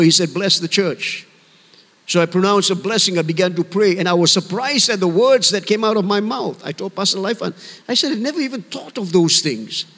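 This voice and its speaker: A man preaches to his congregation in a high, ringing voice, speaking earnestly and personally and often calling out for amen. The sound carries a long hall reverb, as in a large church. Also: a bit bright. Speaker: pastor. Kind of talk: sermon.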